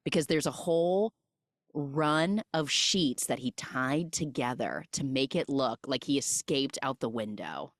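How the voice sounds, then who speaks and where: Speaking at a measured pace in a very deep voice, this woman hosts a podcast and recaps a movie's story. Her manner is chatty and animated, her retelling casual and packed with "like."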